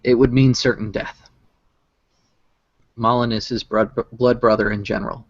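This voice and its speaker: A man's voice: mid-range voice, little pitch movement, moderate pace, slightly rough, dry recording, lo-fi sound. A man voicing a stern loyal tribal lieutenant. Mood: solemn.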